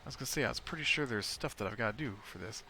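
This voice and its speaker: A man's voice: mid-range voice, animated, racing, vocal fry, pushed and bright, slight background noise. An American man giving casual gameplay commentary, thinking aloud and rambling with lots of fillers. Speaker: let's play host.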